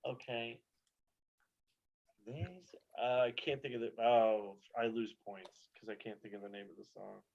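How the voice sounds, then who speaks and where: A man's voice: fairly low pitch, steady tone, unhurried, vocal fry, highs cut off. A man co-hosting a casual chat, tossing in dry one-liners and hesitant guesses. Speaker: co-host. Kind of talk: casual banter.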